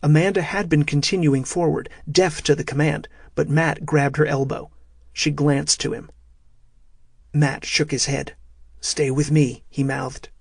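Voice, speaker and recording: A man narrating a thriller audiobook in a steady, measured way. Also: on the high side, creaky, husky, no echo, studio quality.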